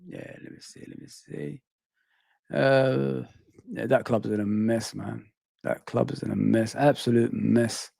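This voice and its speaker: A man's voice: mid-range voice, steady tone, measured pace, vocal fry, mellow, no echo, studio quality. A middle-aged man hosting a casual live stream, reading the chat aloud and answering it, often repeating his phrases. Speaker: host.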